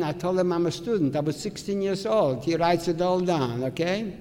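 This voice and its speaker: Older man, testimony to a live audience; halting, reverberant hall. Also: sits high, dark tone. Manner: halting, restarts, asks okay. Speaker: survivor giving testimony. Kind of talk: spoken recollection to an audience.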